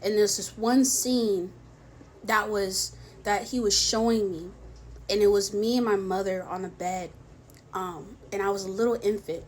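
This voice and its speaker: A young woman telling a personal faith testimony in a soft, halting way, with many pauses and restarts, tearful at times. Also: medium pitch, steady tone, slight background noise. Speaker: vlogger sharing a faith testimony. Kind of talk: personal testimony, emotional storytelling.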